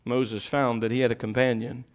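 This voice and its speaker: A middle-aged man preaching a sermon, swinging between quiet, intimate asides and loud, impassioned peaks. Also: medium pitch, flat delivery, moderate pace, clean tone.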